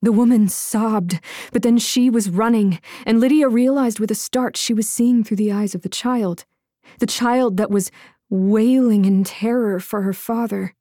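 A woman narrating a fantasy audiobook in a measured, dramatic reading. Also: a little high, dark tone, no room sound, studio quality. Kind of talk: scripted narration.

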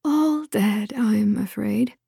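Vengeful villain lady done by a woman narrator, hissy and taunting, slow, dry. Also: mid-range voice, vocal fry, dark tone, breathy edge, no room sound, exaggerated voice. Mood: menacing. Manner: taunting, hissing, singsong. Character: vengeful female villain, prowling and mocking.

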